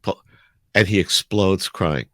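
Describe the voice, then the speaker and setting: Guy in his 60s, low voice, radio dj telling backstage stories all animated, dry sound. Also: slow, dry recording. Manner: animated anecdotes with acted-out quotes. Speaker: guest, radio DJ. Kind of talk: casual storytelling.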